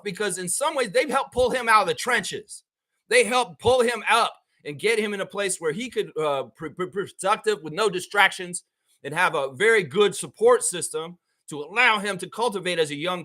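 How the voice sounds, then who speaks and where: Heated Southern man ranting, bright voice. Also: sits high. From American South. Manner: heated, profane, animated ranting. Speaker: show host. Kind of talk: casual live-stream commentary.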